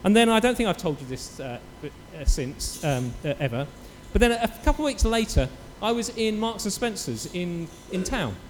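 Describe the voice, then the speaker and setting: Animated preacher in a hall. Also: male voice, sits high, moderate pace, few pauses, slight background noise. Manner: animated storytelling with acted quotes. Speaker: pastor. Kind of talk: sermon. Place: church.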